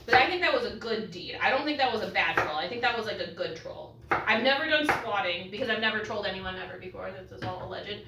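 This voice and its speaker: A woman's voice: medium pitch, fast, far from the mic, heavy background noise. A young woman vlogging casually while she cooks in her home kitchen, joking and swearing freely, her eyes teary from cutting an onion. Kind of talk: casual chat while cooking. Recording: echoey room, mic set back.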